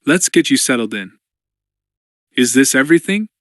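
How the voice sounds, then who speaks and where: A man's voice: mid-range voice, lively intonation, moderate pace, a bit bright, dry recording, natural voice. Blunt weary veteran sergeant, read by a man, dry booth audio. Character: gruff male sergeant, blunt fatherly veteran.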